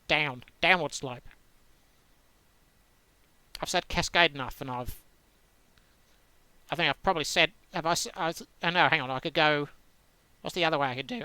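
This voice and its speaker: A man's voice: fairly high pitch, bright, forceful tone, clean tone, no echo. A man giving casual commentary while playing solitaire, rambling and self-interrupting as he muses aloud with dry, playful wordplay. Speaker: host playing solitaire on screen.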